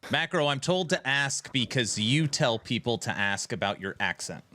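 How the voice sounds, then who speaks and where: A man's voice: medium pitch, expressive, normal speed, pushed and bright. A man hosting a casual podcast who asks questions and teases his guest in a friendly way. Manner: teasing interviewer asking questions. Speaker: podcast host.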